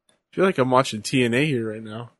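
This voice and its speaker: A man's voice: medium pitch, fairly quick, a bit bright, no room sound. A man chatting casually while watching wrestling and making dry joking comments. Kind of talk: casual chat.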